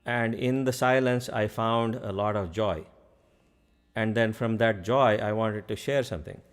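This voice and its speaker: A man's voice: on the low side, a little slow, close to an everyday voice. Man doing an earnest Buddhist master, humble, explaining, plain voice.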